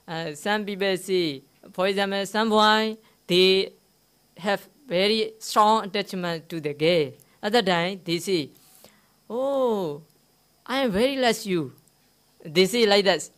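Monk giving a dharma talk; a slow, unhurried man with a smooth voice, broken English, questions the room. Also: high-pitched, a bit bright. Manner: simple broken English, often asks the listeners questions; tells a teaching story, repeating key words. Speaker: Buddhist monk teaching meditation. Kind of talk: dharma talk to a live audience. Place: meditation centre hall.

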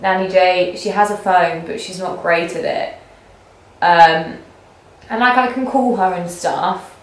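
A young woman with a lowish, unhurried voice chats casually to a self-held camera indoors, her apartment mid-pack. She rambles and uses plenty of filler words, and the sound carries a roomy echo.

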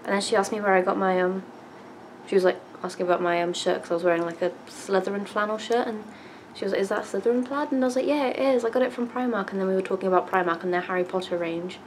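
A woman's voice: medium pitch, fairly even intonation, fast talker, slight background noise, poor audio. Chatty young woman vlogger. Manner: chatty, filler-heavy, swears casually. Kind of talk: casual storytelling.

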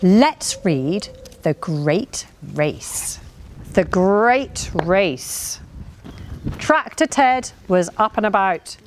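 A woman's voice: medium pitch, lively intonation, very slow, a little hiss or hum. A woman reading a rhyming storybook aloud to young children, lilting and playful, with little voices for the characters. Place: farm, children listening.

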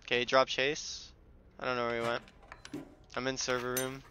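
A young man streaming a video game live, chatting casually and excitedly with viewers and teammates, swearing now and then. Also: mid-range voice, normal speed, background noise. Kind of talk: casual live gameplay commentary.

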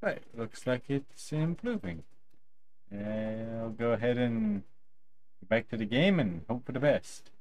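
A man streaming a video game, talking slowly and patiently and chatting softly to his pet duck. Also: mid-range voice, lively intonation. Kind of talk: casual live game stream chat.

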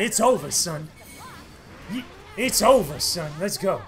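A man streaming a fighting game live, commentating and trash-talking with loud excited bursts. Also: high-pitched, a little slow, soft background music.

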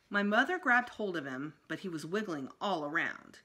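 A woman, a school librarian, reading a children's chapter book aloud with expressive storytelling. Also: fairly low pitch, moderate pace, hardly any pauses.

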